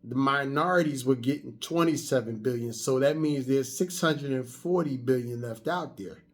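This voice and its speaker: A vlogger in his fifties, speaking at normal speed with a medium-pitched voice, delivers a casual motivational monologue. He tells stories conversationally, frequently restarting his sentences.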